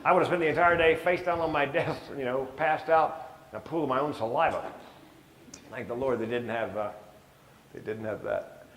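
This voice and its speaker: A man's voice: mid-range voice, normal speed, a bit bright. A man in his sixties, a stand-up comedian, telling wry stories to an audience in a conversational way. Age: 60s. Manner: conversational, wry, acts out quoted voices. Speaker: stand-up comedian giving a talk. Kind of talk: storytelling talk with slides. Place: large hall with audience. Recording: echoey hall with long reverb.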